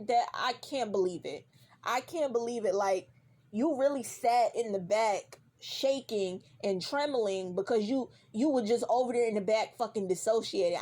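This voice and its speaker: A woman's voice: medium pitch, darkish tone, breathy edge. Woman vlogger, casual reaction rant, heated and cussing, talks straight at the character. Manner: profane, heated, repeats for emphasis; addresses a character directly.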